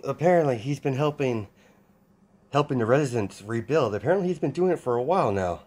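A man voicing a calm, curious attendant to a princess in an improvised fan story. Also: medium pitch, fairly quick, pitched above the performer's own voice, lightly acted.

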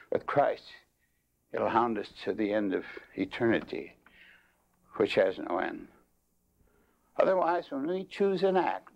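An older man preaching a sermon in a folksy way, telling a long personal story. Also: vocal fry. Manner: folksy, rises in pitch when telling stories. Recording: dull lo-fi tape.

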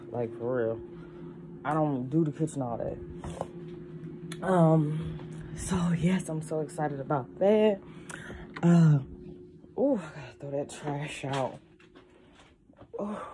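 A woman vlogging casually from her home kitchen, chatty and blunt, swearing freely and talking straight to her viewers. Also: sits low. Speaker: lifestyle vlogger. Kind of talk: casual morning chat to viewers. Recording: home recording with noisy background.

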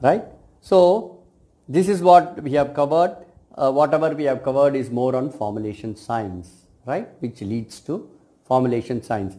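A man, a cosmetic science lecturer giving a reflective video talk to his students, speaking in measured phrases that often end with "right?". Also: medium pitch, mellow.

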